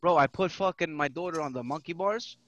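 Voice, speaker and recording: A man's voice: fairly high pitch, a little fast, dull audio, crowd noise. A man in his thirties hosting a casual chat, telling profane stories and acting out what other people said. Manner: profane storytelling, animated quoting of others. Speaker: podcast host.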